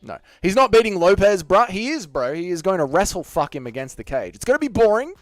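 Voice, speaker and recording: A man's voice: high-pitched, very animated, fairly quick, no echo. An Australian man hosting a casual live stream, bantering and swearing as he reads out chat messages. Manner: profane, joking banter with chat.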